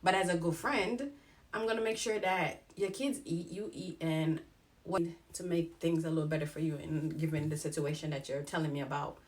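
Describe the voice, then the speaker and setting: A woman's voice: low-pitched, normal speed. Frank woman venting in a vlog. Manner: frank, animated, mimics others in quoted asides. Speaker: vlogger. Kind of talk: candid personal vlog talk.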